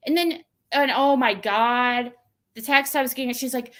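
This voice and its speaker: A woman's voice: fairly even intonation, normal speed, fairly bright tone. A woman hosting her own channel, venting casually and exasperatedly, mimicking the messages she received. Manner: venting, exasperated, mocks quoted texts in a shrill voice. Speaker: channel host. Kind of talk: casual livestream rant.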